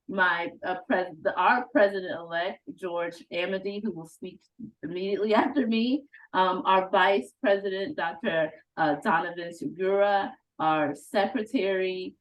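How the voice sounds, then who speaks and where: A woman as outgoing conference president giving a heartfelt, halting thank-you speech, fighting back tears. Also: on the low side, lo-fi sound. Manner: heartfelt, halting, with fillers and laughs.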